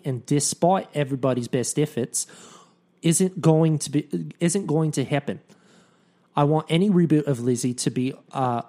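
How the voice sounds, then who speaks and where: A man's voice: medium pitch, warm tone, close to an everyday voice. A man putting on a mock Australian accent. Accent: put-on Australian. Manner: reads aloud in a jokey put-on voice. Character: female celebrity's statement read in a mock Australian accent.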